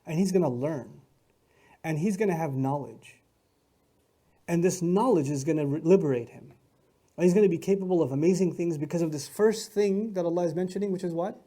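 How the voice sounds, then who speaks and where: A male teacher with a fairly high voice gives an animated lecture on Quran commentary. He keeps asking his listeners rhetorical questions and answering them himself. He retells stories with humor and quoted voices. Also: brisk.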